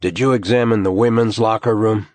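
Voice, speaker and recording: A man's voice: lowish voice, steady tone, fairly quick, a little mellow, no echo, voice pushed up, lightly acted. A man voicing a persistent, dry-joking male police detective who speaks insistently in an audiobook.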